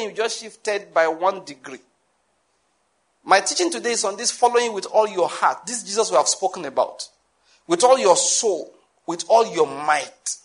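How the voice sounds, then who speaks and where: A man preaching a sermon, emphatic, repeating key phrases and sometimes bursting into shouts. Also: high-pitched.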